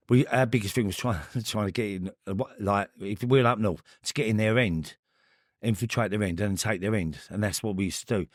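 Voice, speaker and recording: A middle-aged man with a Cockney accent tells his stories as a podcast guest, halting and restarting often as he rambles. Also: sits low, no echo, clean studio sound. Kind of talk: storytelling in casual interview.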